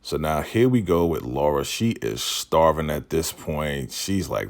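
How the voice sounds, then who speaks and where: Extremely deep-voiced man, slangy recap. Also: animated, a little slow, few pauses. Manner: slangy, loose, says "like" constantly. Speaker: vlog host recapping a TV episode. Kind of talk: casual recap vlog.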